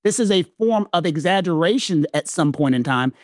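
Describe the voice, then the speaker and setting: A man's voice: fairly high pitch, animated, moderate pace, dry recording. Man, co-host, casual chat, emphatic, long run-on points, dry close sound.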